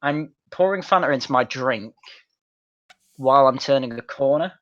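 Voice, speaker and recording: A young man chats while gaming, blunt and sweary with a mocking edge. His pitch sits in the middle. The sound is dull and dry, like a close home mic. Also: normal speed, no room sound. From Manchester, England. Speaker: streamer. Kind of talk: casual chat while gaming.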